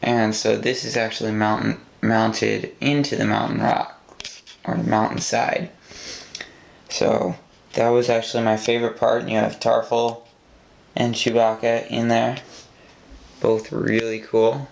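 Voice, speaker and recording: Slow, gravelly-voiced man giving a tour. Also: lowish voice, flat delivery, low-quality recording. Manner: rambling, halting with many restarts. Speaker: LEGO builder showing his model. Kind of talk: casual show-and-tell.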